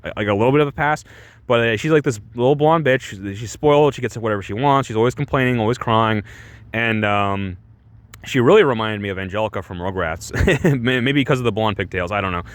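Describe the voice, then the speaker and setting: A man's voice: on the low side, a little fast, no echo. A man giving a casual, rambling movie review, full of restarts and fillers, who swears freely.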